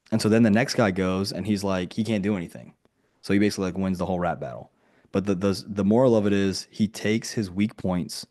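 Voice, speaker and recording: A man's voice: lowish voice, darkish tone. A man coaching a group video call, talking casually with lots of "like" and acted-out quotes. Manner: casual and conversational, full of "like" and quoted dialogue.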